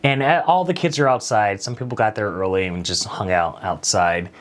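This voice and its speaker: A man's voice: on the low side, moderate pace. A man hosting a late-night show, telling a personal story in a conversational, self-deprecating way.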